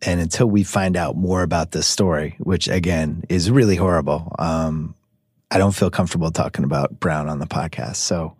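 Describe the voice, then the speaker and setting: A man's voice: low voice, moderate pace, a little mellow, breathy edge, no echo, clean studio sound. A man hosting a sports podcast, talking in a casual, somewhat defensive way.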